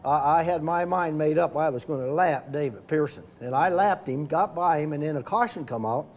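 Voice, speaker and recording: A plain-spoken man recalls a race, chuckling through it. His voice sits a little high for a man. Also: fairly quick. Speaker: retired stock car driver. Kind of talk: storytelling at a reunion panel.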